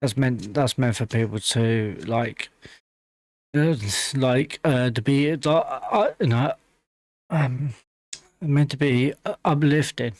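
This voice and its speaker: A man hosting a music reaction video, talking in halting, emotional bursts full of fillers and restarts while fighting back tears. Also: mid-range voice, a little mellow, no room sound. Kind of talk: casual reaction commentary.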